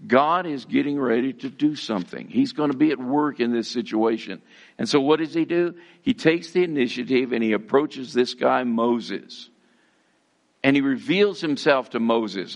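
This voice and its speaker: A man with a medium-pitched voice and some vocal fry delivers a sermon in a conversational, folksy style, sprinkled with fillers and homespun phrases. The recording sounds slightly dull and muffled.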